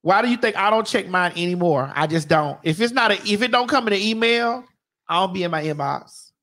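Woman host, casual chat, animated storyteller, wide swinging pitch, mid-height voice. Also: brisk. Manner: animated, laughing storyteller who mimics crowds. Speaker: morning show host.

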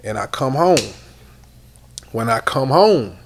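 A man's voice: mid-range voice, expressive, slow, a little hiss or hum. A middle-aged man with a Houston accent, a rapper telling long rambling stories in a casual interview, repeating words and swearing often. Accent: Houston Southern. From Houston, Texas.

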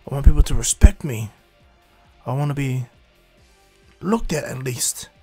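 A man doing a brash, loud boy ninja. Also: medium pitch, lively intonation, unhurried, slightly rough, soft background music. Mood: eager.

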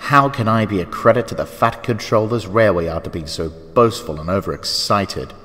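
A man's voice: fairly low pitch, normal speed, a bit bright, long reverb tail, slight background noise, natural voice. A man doing an anxious little tank engine. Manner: worried, eager. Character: earnest anxious young male tank engine.

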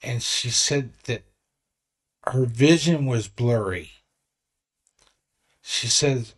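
Speaking extremely slowly with long pauses, a man in his sixties tells a story for his vlog in a mid-range voice. His casual delivery is earnest and rambling, full of restarts.

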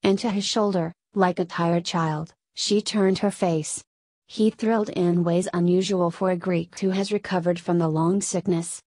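A woman reading a classic story aloud as narrator, in a measured storytelling manner. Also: lowish voice, fairly even intonation, a little mellow, no echo. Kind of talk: scripted narration.

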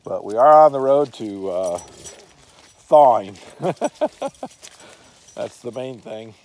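A man talks slowly and warmly to his dogs outdoors in melting snow, lapsing into affectionate baby talk. His voice is gravelly, and his pitch swings widely as he coos at them. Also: animated. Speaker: vlogger, dog owner.

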